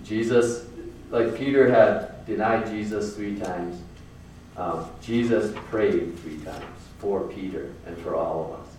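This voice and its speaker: Casting: earnest male preacher, low voice, recorded from a distance, casual sermon with repeated phrases. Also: slow pace, a little mellow, a little hiss or hum. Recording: very echoey room from far off.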